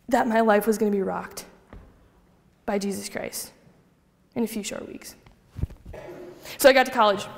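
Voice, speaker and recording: A young woman giving a personal faith testimony to a group, telling her story with lively acted-out dialogue. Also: fairly high pitch, gravelly. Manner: animated storytelling, acting out quoted dialogue. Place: hall with a group. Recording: long reverb of a hall.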